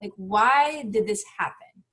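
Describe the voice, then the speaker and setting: Brief: woman therapist guest, reflective and lively, mid-pitched, podcast interview. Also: unhurried, husky. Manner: reflective, animated, laughs often.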